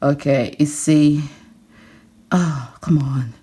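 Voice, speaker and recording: A jewellery designer talking casually through a beading tutorial, chatting to herself as she works and breaking into excited laughter. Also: deep voice, moderate pace. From England. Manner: chatty, talks to herself while working, bursts into excited laughter.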